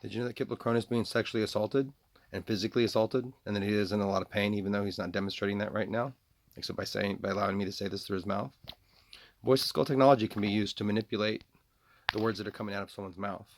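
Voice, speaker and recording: Low gravelly man, halting monologue. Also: fairly even intonation, slight background noise. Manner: repeated rhetorical questions with halting fillers and restarts. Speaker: video blogger. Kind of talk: rambling monologue to camera.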